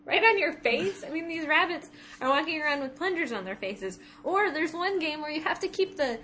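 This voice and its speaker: A woman's voice: sits high, lively intonation, a little fast, bright, forceful tone, a little hiss or hum. A woman co-hosting a casual podcast, teasing the others and laughing often. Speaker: podcast co-host. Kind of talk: casual chat.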